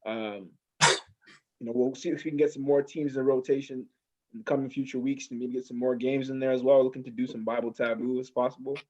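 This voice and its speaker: A man's voice: mid-range voice, flat delivery, quick pace, warm tone, lo-fi sound. A man hosting an online game night, chatting casually with slangy, laughing banter and closing the session. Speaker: game host.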